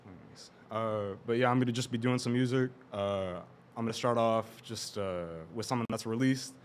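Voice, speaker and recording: A young man from Dallas with a Texan accent, chatting casually on stage before rapping, in a relaxed, laid-back way. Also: medium pitch, moderate pace, a little hiss or hum. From Dallas, Texas. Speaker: rapper performing at an open mic. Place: open mic venue, indoors. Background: hip hop backing music.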